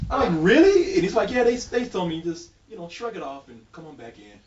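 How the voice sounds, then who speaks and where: A man telling a story in casual chat, animated and laughing as he goes, swearing freely. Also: sits high, fairly quick. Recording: roomy, distant, muffled.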